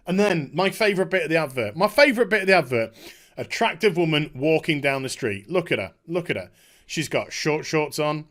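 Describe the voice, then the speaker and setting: A man tears into a video with sarcastic, mocking commentary. His voice sits high for a man and swings widely in pitch as he rants, exasperated. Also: lively intonation, brisk, fairly bright tone. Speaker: commentary channel host.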